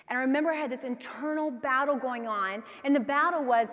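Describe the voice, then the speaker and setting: A woman in her forties giving a motivational keynote speech, telling a personal story with animated delivery and acting out her own inner voice. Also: fairly high pitch, fast. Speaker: keynote speaker. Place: large convention hall. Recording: long hall reverb from the PA.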